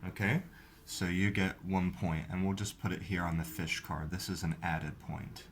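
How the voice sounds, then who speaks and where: A man's voice: sits low, fairly even intonation, normal speed, slight background noise. A man hosting a video, casually explaining the rules of a card game step by step. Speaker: host.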